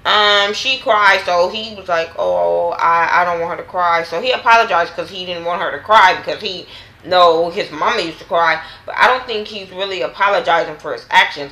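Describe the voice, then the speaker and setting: Woman, low-pitched voice, bright and forceful, blunt exasperated show recap, roomy echo. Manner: blunt, profane, exasperated ranting. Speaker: reality TV recap vlogger. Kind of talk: casual opinionated recap.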